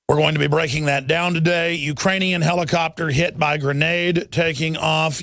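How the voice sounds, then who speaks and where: A man's voice: on the high side, creaky, a bit bright, no echo. A middle-aged man hosting a talk radio show, delivering an urgent, emphatic monologue and reading headlines aloud.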